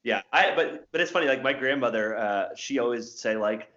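A man's voice: medium pitch, lively intonation, fairly quick, few pauses, sharp tone. A man in his thirties from Southern Indiana, chatting casually and rambling with plenty of filler words. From Southern Indiana, USA. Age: 30s. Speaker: guest, former English teacher. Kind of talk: casual conversation. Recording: roomy, slightly dull sound.

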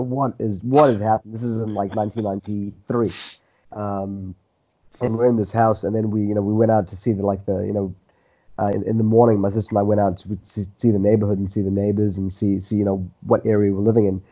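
Low mellow man, South African Indian accent. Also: fast, muffled recording. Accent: South African Indian, diluted. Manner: relaxed, rambling with restarts and fillers. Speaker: guest, actor. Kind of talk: casual interview storytelling.

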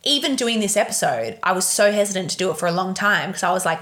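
A woman's voice: medium pitch, lively intonation, fast, hardly any pauses, a bit bright. A young woman hosting a solo podcast, talking frankly and emotionally about relationships and swearing freely. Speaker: podcast host. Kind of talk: candid solo podcast monologue.

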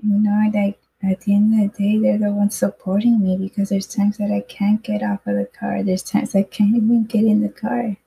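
A young woman tells a personal story in a loose, rambling way, peppering it with fillers and curses. Her voice is husky and breathy with a gravelly fry, and its tone is dark and muffled. She stays in a flat, narrow pitch. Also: normal speed, few pauses. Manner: rambling, candid, frequent swearing and fillers. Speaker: podcaster. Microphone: phone mic.

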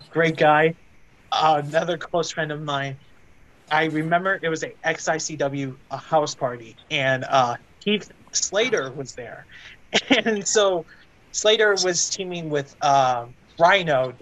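A man's voice: on the high side, fairly bright tone, low-quality recording. A young man, a guest in an interview, telling long stories in a rambling way with many fillers. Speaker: guest, aspiring wrestling broadcaster. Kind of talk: casual interview storytelling.

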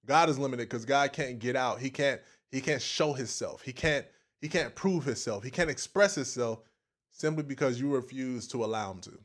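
A man's voice: medium pitch, normal speed. A man preaching a casual, folksy sermon, repeating phrases and stopping now and then to chuckle.

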